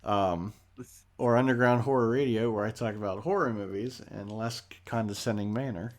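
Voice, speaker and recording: A man's voice: fairly low pitch, moderate pace. A man co-hosting a podcast in casual chat, rambling, joking and swearing freely. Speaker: podcast co-host.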